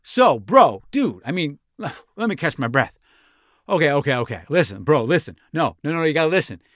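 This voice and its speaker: A man's voice: fairly high pitch, big pitch swings, moderate pace, a bit bright, dry recording, clean studio sound. A man voicing a breathless, rambling young Roman envoy who talks like a slang-heavy, swearing bro. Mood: breathless, excited. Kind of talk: comic reenactment in a podcast.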